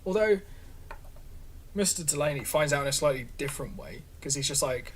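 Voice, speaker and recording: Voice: medium pitch, lively intonation, brisk, slight background noise. A podcast co-host chatting casually, rambling with lots of "like" fillers. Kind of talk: casual chat.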